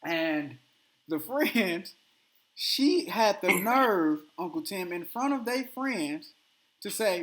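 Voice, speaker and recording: A man hosting a podcast, telling a story in casual chat and acting out the quotes with animated energy. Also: high voice, takes it slowly, a little hiss or hum. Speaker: podcast host.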